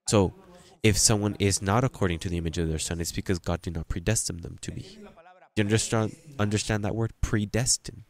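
A man's voice: fairly low pitch, a little fast. A man preaching a sermon with an accent, drawing out words and rising into emphatic bursts. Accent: non-native English. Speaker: pastor.

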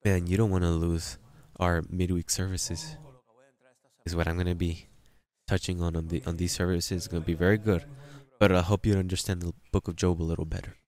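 A man's voice: deep voice, flat delivery, a little fast, a little mellow. A man preaching a sermon with an accent, drawing out words and rising into emphatic bursts. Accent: non-native English. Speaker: pastor.

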